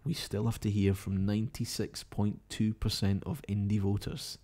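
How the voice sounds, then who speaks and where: A man's voice: fairly low pitch, level tone, normal speed, warm tone. Scottish man hosting late-night results coverage. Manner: chatty, musing, reads out tweets and updates. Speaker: radio-style live broadcast host. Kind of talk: casual live results commentary.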